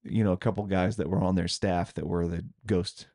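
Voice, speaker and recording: A man's voice: low-pitched, fairly even intonation, fairly quick, dark tone, dry recording, clean studio sound. A man co-hosting a podcast, telling a ghost story in a loose, rambling way and laughing often. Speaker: podcast co-host.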